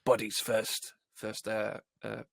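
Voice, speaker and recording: A low, gravelly man with a stuffed-up nose from a cold, chatting casually on a podcast. His delivery is self-deprecating and peppered with swearing, recorded close and dry with no room sound. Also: monotone, slow, dry recording. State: congested from a cold. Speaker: podcast co-host. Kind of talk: casual chat.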